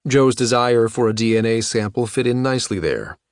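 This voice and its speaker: A man narrating an audiobook in a measured, even-toned reading voice. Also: medium pitch, dry recording, clean studio sound. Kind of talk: scripted narration.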